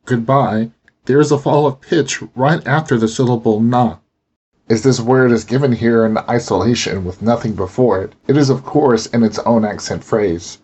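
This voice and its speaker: Man with a breathy voice, teaching. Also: medium pitch, normal speed, a little mellow. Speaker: language teacher. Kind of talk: instructional narration.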